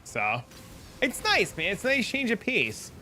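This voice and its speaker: A man's voice: high voice, huge pitch swings, measured pace, bright, forceful tone, a little hiss or hum. A man streaming a game, chatting casually in a laid-back, profane, rambling way full of fillers. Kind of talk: casual live-stream chat.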